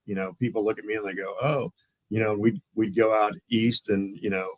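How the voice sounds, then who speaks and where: Older man, ex-cop storyteller, dry close sound, middling pitch. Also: fairly quick, dry recording, rough recording. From Tulsa, Oklahoma. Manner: animated, acts out others' voices in his stories; laughs often mid-story. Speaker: guest, former police officer. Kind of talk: casual storytelling chat.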